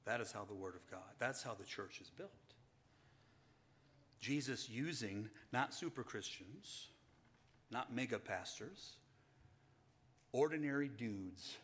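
A man's voice: fairly low pitch, a bit bright. A man preaching a sermon to his congregation, calling them saints and asking and answering his own questions. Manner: preaching, asks and answers rhetorical questions, rises to emphatic passages; addresses listeners as saints. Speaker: pastor.

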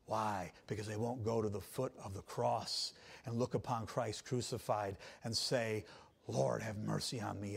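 A man preaching a Sunday sermon as pastor, emphatic and swinging between quiet passages and loud ones. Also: on the low side, husky.

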